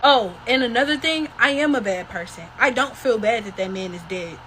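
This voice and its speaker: A woman's voice: a little high, animated, a little fast, a bit bright, a little hiss or hum. A woman ranting bluntly and defiantly in a profane social media vlog.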